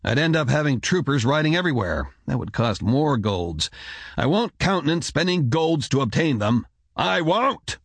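A man's voice: mid-range voice, expressive, normal speed, creaky, few pauses, breathy edge, dry recording, pitched above the performer's own voice. A man voicing a stern, demanding ruler who speaks curtly and coldly. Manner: curt, commanding.

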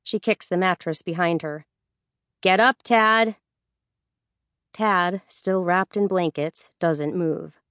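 A woman narrates a story with a steady, even delivery. Her voice is fairly low for a woman. The recording is dry and close, with no room sound. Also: a little slow, few pauses, no echo. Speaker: audiobook narrator. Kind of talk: scripted narration.

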